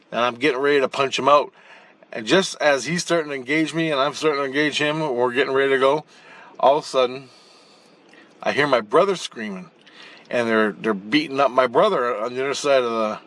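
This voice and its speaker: A man at an ordinary middle pitch tells his story in a loose, rambling way. He is blunt and swears freely, often restarting and repeating words as he goes. He acts out the fight as he describes it. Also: normal speed. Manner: animated, acting out the action as he tells it. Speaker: channel host recounting spirit-world dreams.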